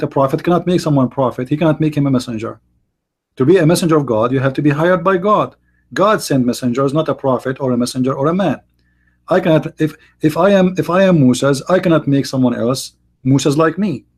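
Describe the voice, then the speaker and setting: Husky man hosting a live stream. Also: a little high, darkish tone. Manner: halting, many fillers and restarts. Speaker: host. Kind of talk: live-stream debate talk.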